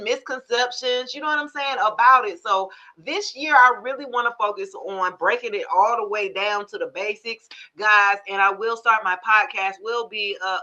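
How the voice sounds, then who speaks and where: Very bright, frank-talking woman tarot host. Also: a little high, muffled recording. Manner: animated storyteller, frank and cussing, asks the audience for agreement. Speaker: tarot reader hosting a live stream. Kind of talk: casual live-stream chat.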